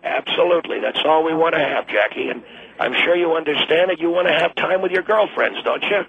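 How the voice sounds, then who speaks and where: An elderly man in his late seventies talks bluntly and crudely, as if nothing will stop him. His voice sits a little high and is gravelly and husky. He is heard over a thin, tinny phone line. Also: animated, brisk. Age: 70s. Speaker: retired attorney, radio guest. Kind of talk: call-in radio talk.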